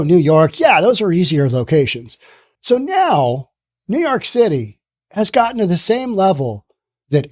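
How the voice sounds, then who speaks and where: A man hosts his own opinion podcast, ranting with heavy sarcasm. His voice sits a bit high and swoops up and down a lot as he gets worked up. The sound is dry and close, with no room around it. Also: a little mellow, dry recording. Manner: sarcastic, ranting, mocks others in put-on voices. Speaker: podcast host. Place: based in the Pacific Northwest.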